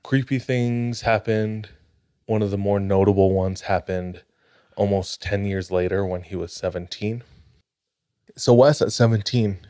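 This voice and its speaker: A man hosting a podcast, telling a spooky story in a measured, suspenseful way. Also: low voice, dark tone, dry recording, studio quality. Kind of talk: casual storytelling.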